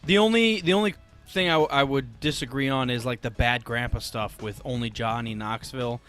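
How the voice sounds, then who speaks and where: A man's voice: mid-range voice, a little fast, fairly bright tone, faint music behind. A man co-hosting a podcast in casual chat, joking and blunt, with some swearing. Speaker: podcast co-host.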